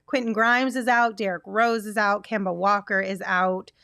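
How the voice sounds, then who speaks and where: A woman co-hosting a casual sports podcast, upbeat and brisk, running through the team news smoothly. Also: mid-range voice, fairly even intonation, bright, forceful tone, no echo, studio quality.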